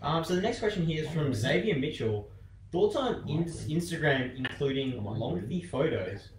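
A man's voice: fairly high pitch, very animated, moderate pace, slight background noise. A young man co-hosting a live podcast, reading out listener questions in a blunt, joking way. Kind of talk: casual live podcast chat. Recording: distant mic in a roomy studio.

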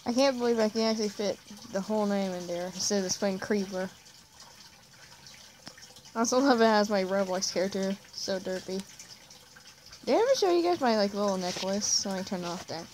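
A woman's voice: medium pitch, brisk, long pauses, a little mellow, slight background noise, low-quality recording. A young woman giving chatty, self-mocking commentary while playing a video game. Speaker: gamer. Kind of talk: casual let's-play commentary.

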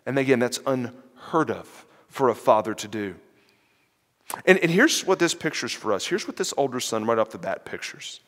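A man giving an animated sermon-style lecture, retelling a parable and voicing its characters, with fillers and restarts. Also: mid-range voice. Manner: animated, acts out the parable's characters in quoted voices. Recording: long hall reverb.

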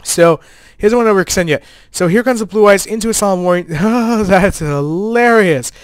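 A man's voice: sits high, fast, smooth, no room sound. A man giving casual, joking commentary over a card game he played, with laid-back gamer slang. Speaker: player and channel host.

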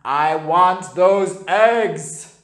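A woman voicing a menacing bear who demands eggs, with slow, loud, drawn-out threats. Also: on the low side, reverberant. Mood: threatening.

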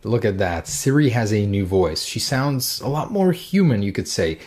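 Upbeat lowish-voiced man demoing tech. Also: sing-song, normal speed, darkish tone. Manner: upbeat, chatty, enthusiastic. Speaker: tech reviewer. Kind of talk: casual demo walkthrough.

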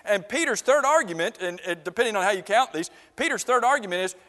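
High-voiced preacher in a reverberant church. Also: male voice, animated, fast, bright, forceful tone. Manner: asks the congregation questions, repeats words for emphasis. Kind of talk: interactive sermon. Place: church sanctuary.

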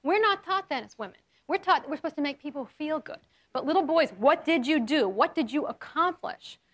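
A woman hosting a studio talk show, coaching her audience in a lively, playful way with acted examples. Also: high voice, a little fast. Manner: animated, coaching, playful role-play demos.

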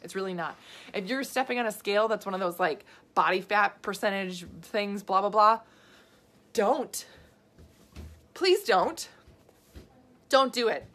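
A woman nutrition coach hosting a live video, answering viewer questions in an animated, chatty way with lots of asides and laughs. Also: medium pitch, moderate pace. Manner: animated, gesturing a lot while talking.

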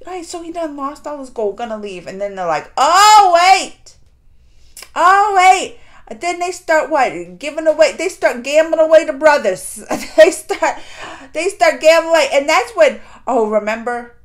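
A woman hosting a casual reaction video, retelling scenes in an animated, exasperated way with frequent laughs. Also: sits high, moderate pace.

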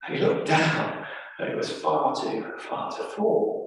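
A man's voice: fairly high pitch, huge pitch swings, moderate pace. A man with an English accent preaching a sermon, telling a story with dramatic emphasis. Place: large church. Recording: echoey church from far off.

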